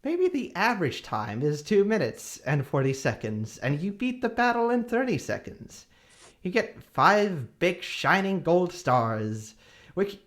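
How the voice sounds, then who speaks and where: A man streaming, reading a long game review aloud with small hesitations. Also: sits high.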